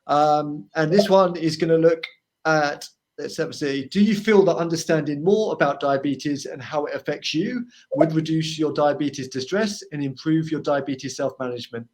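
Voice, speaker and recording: A man's voice: a little high, moderate pace, a little mellow. A man moderating an online webinar, briefly summing up the speaker's points before launching a poll. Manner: upbeat, brief, hands off to polls. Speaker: webinar host. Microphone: video call.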